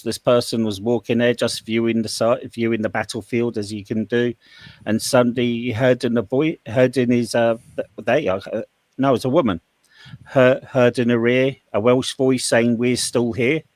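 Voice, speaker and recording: A man's voice: mid-range voice, darkish tone, dry recording. A man in a casual group voice chat, telling stories in a rambling way and correcting himself as he goes. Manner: rambling, self-correcting storyteller.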